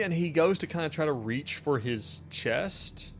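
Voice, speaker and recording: Give me a slow-paced man narrating a tabletop horror game, casual and rambling. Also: on the high side, lively intonation, faint music behind. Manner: loose, filler-heavy description. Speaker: game master.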